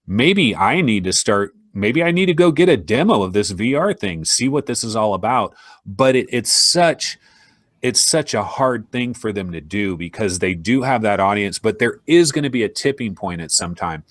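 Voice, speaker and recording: Low-voiced man hosting a podcast. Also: no echo, clean studio sound. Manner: animated, acts out imagined listeners. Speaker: podcast host. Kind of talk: casual podcast chat.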